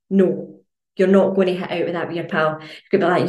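A woman's voice: on the low side, a little fast. A Scottish woman coaching on women's health in a casual podcast monologue, blunt and sweary, telling stories with lots of energy. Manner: blunt, sweary, animated storytelling. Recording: roomy echo.

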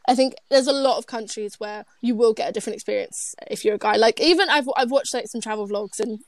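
Chatty British young woman, high voice. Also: fast, no room sound. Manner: chatty, filler-heavy storytelling with many "like"s. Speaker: podcast host. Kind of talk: casual podcast chat.

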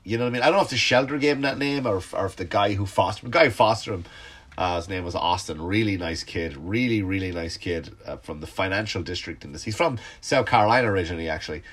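A middle-aged man with a slightly low voice, stuffed up and sniffly. He rambles through a casual comic monologue, swearing freely and cutting himself off mid-sentence. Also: quick pace, fairly bright tone, slightly rough. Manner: rambling, profane, self-interrupting. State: congested, sniffly. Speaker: stand-up comedian hosting a podcast.

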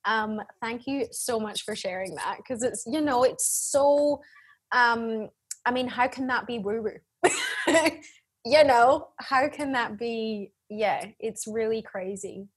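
A woman's voice: on the high side, slow pace, breathy edge. A woman hosting a casual podcast interview, who responds with encouragement and laughs along with her guest. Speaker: podcast host, breathwork teacher.

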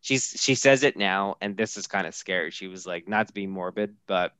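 Low-voiced man telling a lively story. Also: normal speed, clear, resonant tone, dry recording. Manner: animated, acts out quoted voices. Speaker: podcast co-host. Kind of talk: casual storytelling chat.

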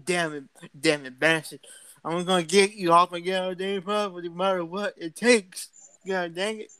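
A man's voice: high voice, fairly even intonation, normal speed, bright, forceful tone, clean tone, no echo, poor audio. A man playing an angry, swearing trailer owner in an improvised comedy skit. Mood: furious. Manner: blustering, swearing. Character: angry cursing man defending his trailer.

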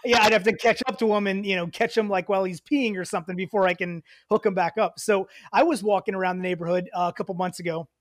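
A man co-hosting a casual podcast, telling stories in an animated way, swearing and rising in pitch when riled. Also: fast talker, hardly any pauses, no room sound, clean studio sound. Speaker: podcast co-host.

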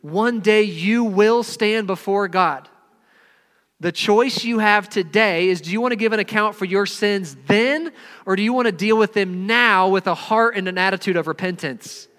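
A man delivers a sermon in an earnest, emphatic way. His voice sits high, and his stressed words swell before he drops to a near hush. A long reverb trails every phrase. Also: measured pace. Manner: earnest, emphatic, swings between loud stresses and quiet drops. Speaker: pastor.

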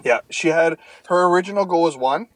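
A man's voice: a little high, a little fast, no room sound. A man co-hosting a podcast, earnestly relaying news amid joking banter. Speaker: podcast co-host.

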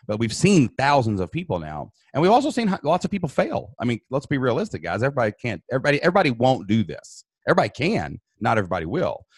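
A man telling an emotional personal story in a casual, animated way, often saying "dude" and "man". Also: medium pitch, very fast, few pauses, husky, no room sound, clean studio sound. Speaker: guest.

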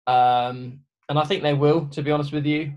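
A man hosting a casual football podcast, chummy and quick with banter. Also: fairly high pitch, steady tone, darkish tone, muffled recording. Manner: chummy, brisk, banter-heavy. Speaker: podcast host. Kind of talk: casual chat.

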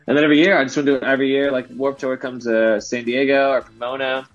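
A man in his thirties from Southern California, a guest DJ telling a story in casual chat, animated and slangy, acting out what he once said. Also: mid-range voice, fast talker. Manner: animated, slangy, acts out his own past lines. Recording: dull lo-fi podcast audio with faint music.

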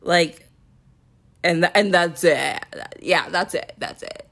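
A woman's voice: lowish voice, takes it slowly, gravelly. A young woman recapping a reality dating show in a casual chat, laughing often and acting out what the people said. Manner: laughs often, quotes people in animated voices.

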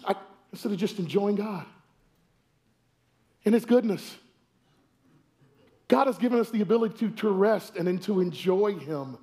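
High-voiced animated male pastor preaching. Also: normal speed, pauses often. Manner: animated, rhetorical questions, stammered restarts. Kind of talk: sermon. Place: church sanctuary. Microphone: wears a microphone.

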